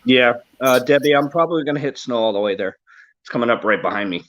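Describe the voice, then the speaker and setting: A man's voice: medium pitch, quick pace, a bit bright, no echo. A man, a trucker, hosting a casual live chat stream, reading and answering comments and laughing often. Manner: chatty, laughs often, breaks into joking voices. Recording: dull lo-fi stream audio.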